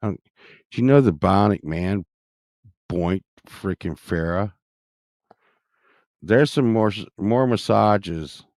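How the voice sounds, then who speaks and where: A man chatting to his camera in a loose, rambling way, cussing casually as he hops between subjects. His voice is smooth and clear, and he talks slowly and unhurriedly. The recording is dry and close, with no room sound around him. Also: sits low, a little mellow, no echo. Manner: rambling, profane, jumps between topics. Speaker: vlogger. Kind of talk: rambling casual vlog chat.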